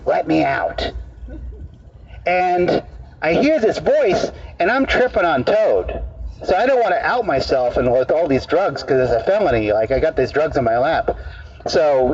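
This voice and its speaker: A male street comedian telling a rambling, deadpan absurd story in halting, repeated phrases to people in an outdoor park. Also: mid-range voice, slight background noise. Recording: dull distant outdoor recording.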